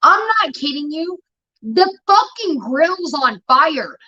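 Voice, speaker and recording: A young woman telling rambling, profane stories in casual chat, getting animated as she retells them. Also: high-pitched, slow pace. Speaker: show host. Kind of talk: casual storytelling rant. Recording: dull lo-fi stream audio.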